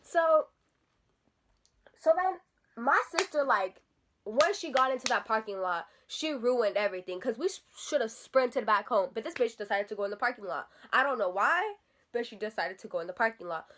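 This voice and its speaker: High-voiced young woman telling a profane story. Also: lively intonation, moderate pace, a bit bright. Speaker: vlogger. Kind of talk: casual storytime vlog.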